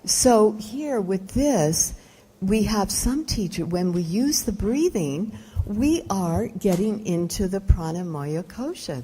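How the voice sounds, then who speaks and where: A woman's voice: mid-range voice, lively intonation, slow, mellow, slight background noise. A woman yoga teacher giving a live lecture, explaining terms and putting questions to her audience. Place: retreat lecture room.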